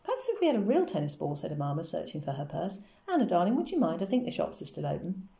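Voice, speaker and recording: A woman's voice: lowish voice, wildly swooping pitch, quick pace, gravelly, mellow, echoey room, full character voice. A woman reading aloud and voicing an effusive elderly grandmother who dotes on her dog. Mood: doting. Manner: effusive and dramatic, cooing endearments.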